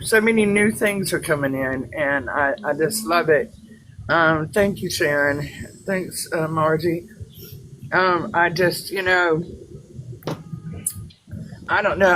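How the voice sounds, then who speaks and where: A woman's voice: fairly low pitch, a bit bright, slight background noise, rough recording. A woman chatting on a group call, rambling and emotional, with many fillers and restarts. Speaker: class participant. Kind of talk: casual chat on a group call.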